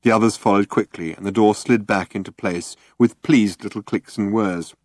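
Man reading an audiobook, lowish voice, even storytelling, super dry close mic. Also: moderate pace, no room sound. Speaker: audiobook narrator. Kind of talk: scripted narration.

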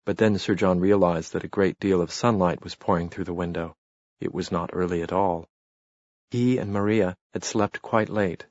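A man reads a novel aloud in a calm, steady way. His voice is deep and husky. The recording is dry and slightly muffled. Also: moderate pace, dry recording. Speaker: audiobook narrator. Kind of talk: audiobook narration.

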